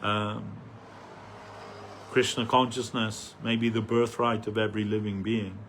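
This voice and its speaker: A man giving an earnest devotional sermon at a festival, pausing often with "uh" as he searches for words. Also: lowish voice, little pitch movement, a bit bright, a little hiss or hum. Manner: earnest, halting, many "uh" pauses.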